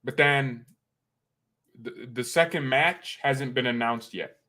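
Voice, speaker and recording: A man hosting a fan live stream, rambling and joking with chat, swinging from calm talk to loud excited outbursts. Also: mid-range voice, slow.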